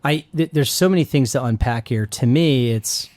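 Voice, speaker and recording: A male podcast host with a middle-pitched voice keeps the chat casual, eager and full of quick jokes. The sound is close and dry. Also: a little mellow, no room sound. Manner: enthusiastic, jokey, interjecting. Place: on-site in a coffee shop.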